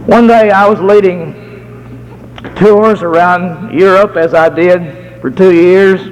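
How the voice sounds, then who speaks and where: A middle-aged American man preaching a sermon, telling folksy stories and slowing down to stress key words. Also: high-pitched, steady tone, big-room sound, highs cut off, slight background noise. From United States.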